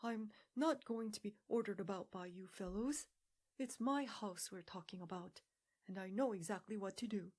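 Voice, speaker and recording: A woman doing a boastful, excitable young toad. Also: medium pitch, moderate pace, close to an everyday voice. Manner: airy, excitable, self-pitying.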